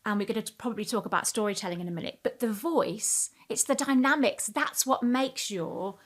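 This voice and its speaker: A middle-aged woman, a communication coach talking expressively in a podcast interview, shifting her pitch and pace for emphasis. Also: brisk.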